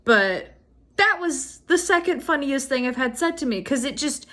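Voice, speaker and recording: A young woman vlogger telling funny stories in a casual, animated way, swearing freely and laughing as she goes. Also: high voice, normal speed. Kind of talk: casual storytime.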